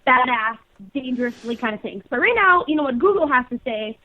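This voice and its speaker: A Canadian woman co-hosting a casual radio show, energetic and slangy, laughing easily. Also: high-pitched, a little fast, hardly any pauses. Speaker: co-host. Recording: tinny phone line.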